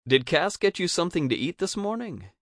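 A man's voice: high voice, big pitch swings, brisk, fairly bright tone, no room sound, voice pushed up, full character voice. Man putting on a mischievous teen boy, sing-song, teasing, raised voice, audiobook, dry sound. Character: smirking mischievous teenage boy.

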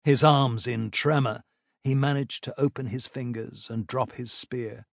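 A man narrating a fantasy battle audiobook in a measured, even storytelling manner. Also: medium pitch, creaky, no echo, clean studio sound.

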